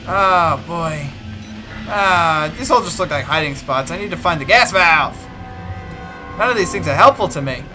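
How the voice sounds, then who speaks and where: Nervous gamer dude talking to himself, high bouncy voice, lots of swearing, music in the back. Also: male voice, animated, normal speed. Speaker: let's play gamer. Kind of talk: horror game commentary. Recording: game music behind voice.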